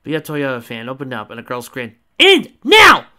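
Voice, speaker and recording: A man's voice: medium pitch, fairly even intonation, fast talker, fairly bright tone, clear, resonant tone. A man reading fan fiction aloud in a casual way, with small stumbles and joking asides. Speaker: fanfiction reader.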